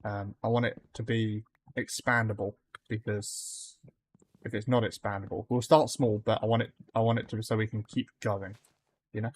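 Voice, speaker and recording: A man's voice: fairly low pitch, level tone, moderate pace, husky. A man streaming a game live, chatting casually with his viewers and greeting them by name, with plenty of ums. He says his accent can be hard to follow.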